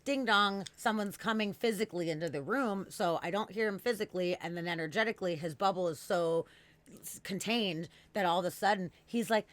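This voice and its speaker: A young woman hosting a podcast, telling stories in an animated, expressive way, swinging from loud outbursts to low murmurs. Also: a little fast, no echo. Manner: animated storytelling, swearing, voice swinging from loud to quiet. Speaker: podcast host. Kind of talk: casual podcast chat.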